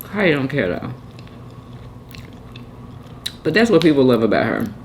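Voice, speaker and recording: A woman's voice: sits low, wildly swooping pitch, normal speed, few pauses, darkish tone, a little hiss or hum. A woman hosting a mukbang, chatting and commenting while eating, talking straight to her viewers with lots of "y'all". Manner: talks straight to viewers, says "y'all" a lot, laughs. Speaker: mukbang host.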